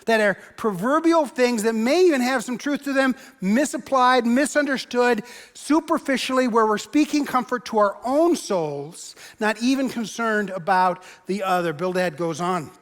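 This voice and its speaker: A pastor giving a sermon in a church, conversational and wry, with emphatic turns. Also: male voice, very high voice, normal speed. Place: church sanctuary. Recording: long reverb of a large church hall.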